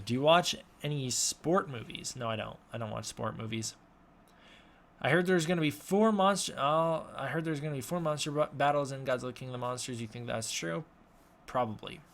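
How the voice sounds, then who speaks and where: A man hosting a casual live-stream Q&A, giving offhand, halting answers to chat questions. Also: on the high side, creaky, a bit bright. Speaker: host.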